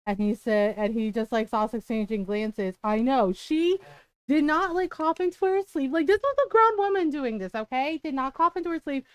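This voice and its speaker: Chatty woman streamer, smooth voice. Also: high-pitched, expressive, moderate pace, no room sound. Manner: chatty, peppered with "like" and "right?"; swears freely when exasperated. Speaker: livestreamer. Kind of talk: casual storytelling chat.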